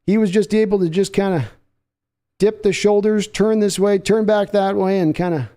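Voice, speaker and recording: A man's voice: sits high, steady tone, normal speed, dark tone. A man hosting a live sports podcast, calling play-by-play in a chatty manner and answering viewer comments. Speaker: podcast host.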